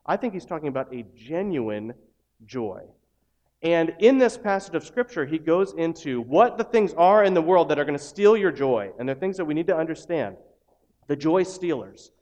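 A man preaching a sermon as a pastor, in a conversational way that swings from hushed, slow lines to loud, emphatic ones. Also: a little high, sing-song, dull audio.

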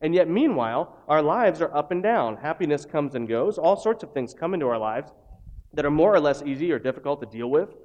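A man preaching a sermon as a pastor, in a conversational way that swings from hushed, slow lines to loud, emphatic ones. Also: on the high side, highs cut off.

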